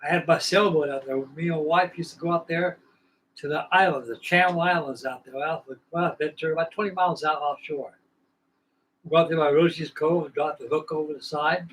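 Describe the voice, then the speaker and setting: A man's voice: on the high side, fairly even intonation, a little fast, a bit bright, slight background noise, poor audio. A man hosting a scale-model building livestream, telling rambling, folksy stories in casual chat from his home workshop bench.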